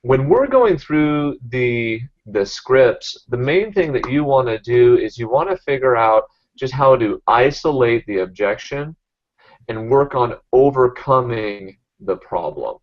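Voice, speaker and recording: A man's voice: medium pitch, expressive, unhurried. Man coaching a sales team, lo-fi. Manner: coaching, many fillers and restarts. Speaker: real estate trainer. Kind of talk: team sales training talk.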